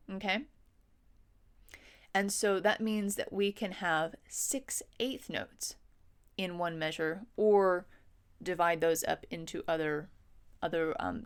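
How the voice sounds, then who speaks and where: A woman music teacher explains time signatures step by step. She counts beats aloud in a patient, even way and checks in with the listener. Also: medium pitch. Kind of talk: instructional lesson.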